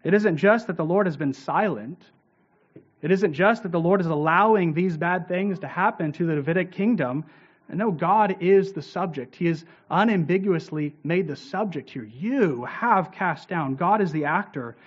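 A man with a notably high voice delivers a scripture lecture, stressing key words and tagging points with a quick "right?". The recording sounds dull and lo-fi, as if the top end were muffled. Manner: emphatic, often asks "right?". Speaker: Bible teacher.

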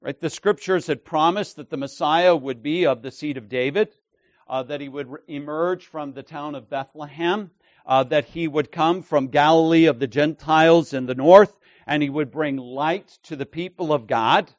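A man's voice: a little high, moderate pace, dry recording. A man preaching an expository sermon, emphatic, checking in with his listeners and acting out the quoted lines.

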